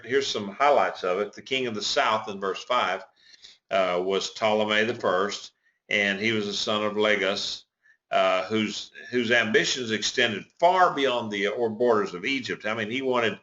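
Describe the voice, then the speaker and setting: Halting lo-fi male Bible teacher. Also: lowish voice, bright, forceful tone. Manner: halting, many fillers and restarts, pointing at a map. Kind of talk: casual Bible study lecture. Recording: dull lo-fi recording.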